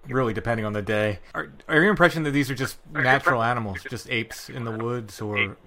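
A man's voice: mid-range voice, a little fast, sharp tone. A male host asking thoughtful, musing questions in a casual interview.

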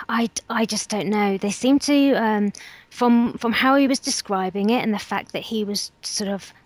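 A woman guest retells someone else's eerie experience in an earnest, slightly halting way. Her voice sits at a middle pitch. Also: dry recording. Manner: earnest, hesitant with fillers and restarts. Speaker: guest storyteller. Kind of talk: retelling a witness's account.

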